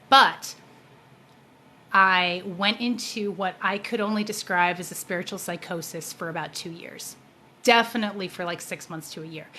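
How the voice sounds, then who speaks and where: A woman host telling a personal story in a lively way, acting out the voices of the people in it. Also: mid-range voice, slight background noise. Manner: animated, acts out quoted voices. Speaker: psychic show host. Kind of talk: storytelling monologue.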